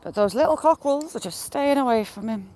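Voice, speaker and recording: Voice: medium pitch, animated, a little fast, darkish tone. A smallholder chatting casually on a live stream outdoors, talking to the animals and viewers with mild swearing. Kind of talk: casual live-stream chat while doing yard chores. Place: outdoors in a yard by a field. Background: birds and chickens.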